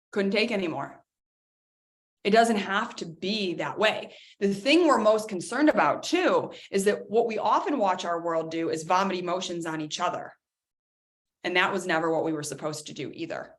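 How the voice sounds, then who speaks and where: A woman hosting a motivational talk on stress, lively and direct, talking straight to her listeners. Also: mid-range voice, normal speed. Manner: animated, addresses listeners as guys. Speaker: workshop host.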